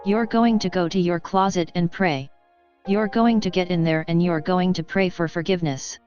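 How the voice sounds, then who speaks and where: A woman's voice: fairly low pitch, steady tone, normal speed, natural voice. A woman voicing a fanatical religious mother who talks in a grim, demanding, muttering way, in a dull lo-fi recording with faint music.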